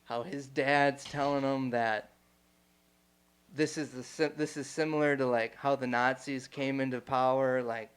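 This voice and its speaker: Animated swearing man telling a story. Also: mid-range voice, a little slow, smooth. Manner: animated, swears freely, acts out quotes loudly. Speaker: podcast co-host. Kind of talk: casual storytelling chat.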